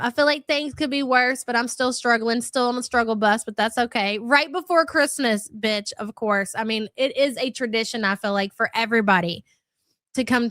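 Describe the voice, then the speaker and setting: Fairly high-pitched and a bit bright, a woman's voice is captured in a dry, studio-quality recording. She's a livestream host battling a cold, chatty as she reads out viewers' names one at a time and calls them hun.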